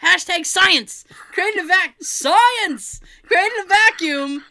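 A woman telling a funny story in a casual chat, animated and laughing often. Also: very high voice, slow.

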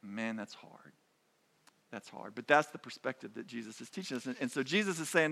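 A man's voice: on the high side, lively intonation, a little fast, gravelly, pushed and bright. A man preaching a sermon in a conversational, emphatic way, often restarting his phrases. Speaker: pastor.

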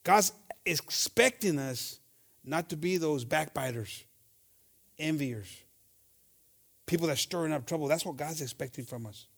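A male pastor preaching a bilingual sermon, reading scripture slowly and then building to shouts, switching between English and Spanish and addressing the congregation as brothers. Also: fairly high pitch, animated, gravelly. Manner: acts out gossiping voices.

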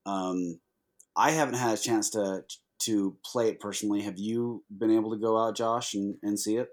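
A man co-hosting a casual podcast about pinball, talking in an animated, chatty way with frequent fillers. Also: on the low side, normal speed. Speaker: podcast co-host. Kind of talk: casual chat.

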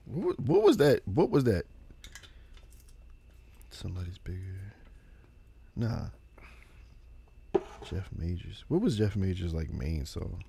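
A man co-hosting a casual podcast chat, teasing his partner and breaking into loud laughter. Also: low-pitched, wildly swooping pitch, slow, vocal fry, pauses often, slight background noise. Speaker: podcast co-host.

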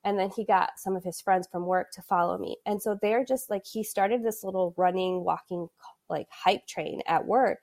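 A woman in her thirties telling her story as a podcast guest, chatty, full of "like" fillers and quick laughs. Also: medium pitch, fairly even intonation, a little mellow. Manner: chatty, frequent "like" fillers, laughs mid-sentence. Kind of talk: casual conversational storytelling.

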